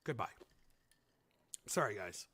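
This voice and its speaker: A middle-aged man hosting a casual comedy podcast, rambling and crude in an animated way. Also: on the low side, slow pace, breathy edge. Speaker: podcast host.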